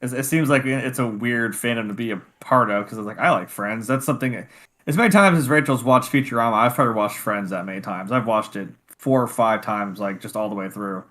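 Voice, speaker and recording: A man co-hosting a podcast, telling animated stories in casual chat. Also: fairly low pitch, brisk. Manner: animated storytelling. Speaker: podcast co-host.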